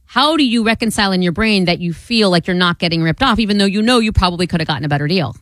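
A woman co-hosting a talk radio show, teasing her partner and talking in quick animated bursts. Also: medium pitch, no echo. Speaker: radio co-host. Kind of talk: casual talk radio banter.

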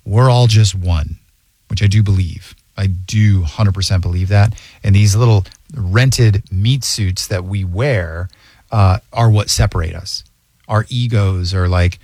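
A man in a casual podcast conversation, speaking earnestly and from the heart in quick bursts. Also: sits low, a little mellow, no room sound.

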